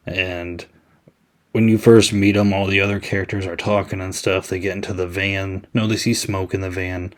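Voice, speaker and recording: A man's voice: low voice, little pitch movement, normal speed. A man hosting a podcast, giving a casual, chatty movie review with many "I mean"s. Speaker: podcast host.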